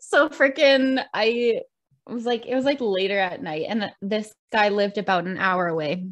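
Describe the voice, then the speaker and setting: A young Canadian woman with a Canadian accent, co-hosting a podcast and telling a dating story in casual chat, lively and laughing often as she acts out what people said. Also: medium pitch, measured pace, dull audio. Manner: animated, laughs often, acts out quoted voices. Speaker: podcast co-host.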